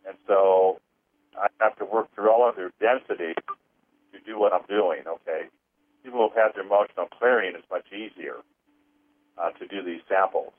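A man, an energy healer on a radio talk show, who rambles with many fillers and counts slowly through a healing. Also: fairly low pitch, no echo. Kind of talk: phone-in radio talk with guided clearing. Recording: tinny phone line, dry.

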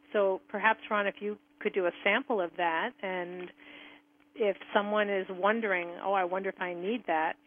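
A woman hosting a radio talk show, friendly and organized, giving listeners reminders. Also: on the low side. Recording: tinny phone line.

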